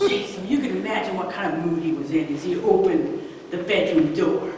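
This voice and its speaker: A woman in her fifties telling a personal story on stage, animated, moving between hushed asides and emphatic outbursts. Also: medium pitch, takes it slowly, very noisy. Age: 50s. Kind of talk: live storytelling performance. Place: stage in a large hall. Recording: echoey hall, far-off mic.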